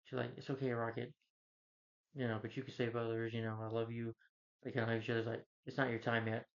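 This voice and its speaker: A man's voice: mid-range voice, flat delivery, fast, gravelly. Rambling man recapping a movie, lo-fi. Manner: rambling, full of "you know" and restarts. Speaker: movie reviewer. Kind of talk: casual plot recap. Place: at home. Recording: dull lo-fi sound.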